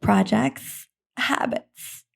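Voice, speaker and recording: Slow, emotional woman reaction host. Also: on the high side, vocal fry, husky. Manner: earnest, emotional, soft-spoken with slow pauses. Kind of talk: reflective reaction monologue.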